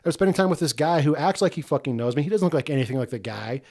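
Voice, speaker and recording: A man's voice: on the high side, expressive, rapid-fire, a little mellow. A man co-hosting a casual movie review podcast, laid-back and profane, laughing often. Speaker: podcast co-host. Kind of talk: casual film review chat.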